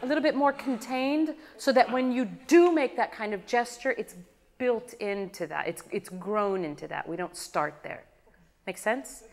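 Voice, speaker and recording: A woman coaching a singer in a master class, animated and breaking into sung demonstrations. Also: fairly high pitch, moderate pace, big-room sound, slight background noise. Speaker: voice teacher.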